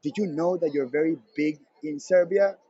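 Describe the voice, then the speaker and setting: A man imitating an admiring woman fan with an Eastern European accent, speaking slowly and earnestly. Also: on the high side, mellow, husky, no room sound, highs cut off.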